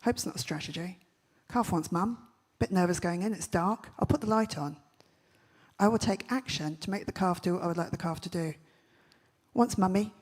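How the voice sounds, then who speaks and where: A woman giving a comic keynote talk on stage, telling punchy stories with quick, brash jokes. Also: lowish voice, a little mellow. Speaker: festival speaker. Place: large event stage.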